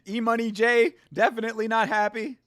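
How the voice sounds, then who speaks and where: Excitable high-voiced man yelling at a fight. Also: a little slow, dry recording, studio quality. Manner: excitable, yells at the fighters, laughs often. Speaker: host of a fight watch-along show. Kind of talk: casual live fight reaction commentary. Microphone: close to the mic.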